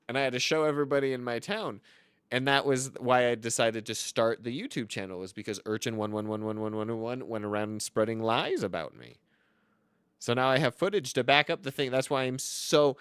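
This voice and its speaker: A man giving comedic card-game commentary, boastful and theatrical, swinging between loud outbursts and low mutters. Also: clear, resonant tone, dry recording, studio quality.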